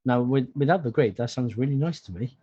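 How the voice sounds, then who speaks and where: A man in a casual live-stream chat, halting at first, then reading recipes out steadily. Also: medium pitch, a crowd in the background. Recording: dull lo-fi call audio.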